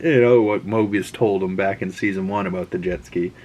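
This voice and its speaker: A man's voice: low-pitched, fairly even intonation, fairly quick, hardly any pauses, darkish tone. A man hosting a casual episode breakdown, rambling and chatty with frequent restarts and asides. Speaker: host.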